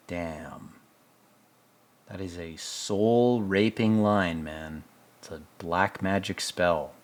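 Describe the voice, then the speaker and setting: Sarcastic, profane male show commentator. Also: low voice. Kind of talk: casual episode commentary.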